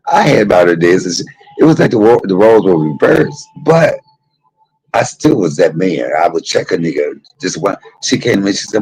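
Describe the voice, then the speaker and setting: A man hosting his own show, telling a personal story in an animated, profane way and talking straight to his listeners. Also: low voice, moderate pace, slightly rough, low-quality recording. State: emotional, tearful at times. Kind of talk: candid storytelling monologue.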